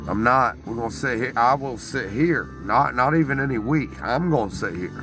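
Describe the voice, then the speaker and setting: A man with a raspy voice telling a rowdy, profane story in casual chat. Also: medium pitch, normal speed. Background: music playing.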